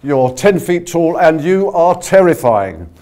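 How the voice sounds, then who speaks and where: In a conference room, an energetic man coaches a live audience through a workshop demonstration, projecting to the room without a handheld mic. His voice is a little high and his pace measured, and he encourages people as he leads them through exercises.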